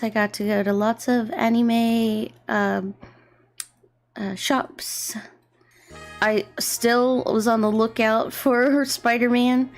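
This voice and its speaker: A young woman streaming as a VTuber, chatting casually and rambling while she draws, keeping her voice deliberately low and soft. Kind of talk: relaxed casual chat while drawing on stream. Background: faint gentle background music.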